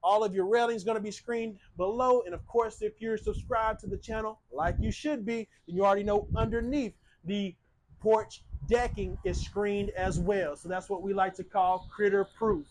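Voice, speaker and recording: A high-pitched man leads a walkthrough tour of a small cabin-style home. He pitches it eagerly, speaking directly to his audience as the channel's host. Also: fairly even intonation, normal speed, slight background noise, low-quality recording. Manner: upbeat sales pitch, addresses viewers as ladies and gentlemen.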